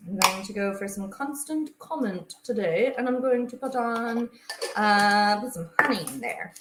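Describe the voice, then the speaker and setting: A woman's voice: medium pitch, animated, moderate pace, echoey room, very noisy. A young woman hosting a casual baking livestream from her home kitchen, chatting and answering viewers' comments as she works.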